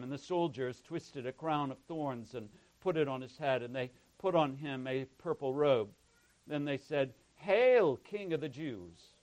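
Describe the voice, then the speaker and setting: A male pastor reading a scripture passage aloud in a measured, solemn way, then praying and beginning his sermon. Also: medium pitch, a little mellow, low-quality recording.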